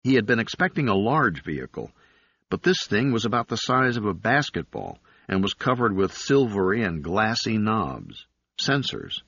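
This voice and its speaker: A man narrating an audiobook in a measured, even reading. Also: fairly low pitch, no room sound. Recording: dull, dry lo-fi recording.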